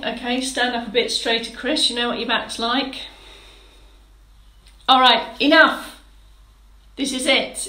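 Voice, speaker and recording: A woman's voice: fairly high pitch, pushed and bright. Chatty woman instructor in an echoey room. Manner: chatty, greets viewers by name, encouraging instructions. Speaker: fitness instructor for older adults. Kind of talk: live-streamed exercise class.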